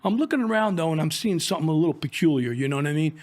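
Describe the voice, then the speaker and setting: A man's voice: a little high, expressive, rapid-fire. A middle-aged man and former drug agent telling a war story in a rambling, profane, casual way, full of fillers.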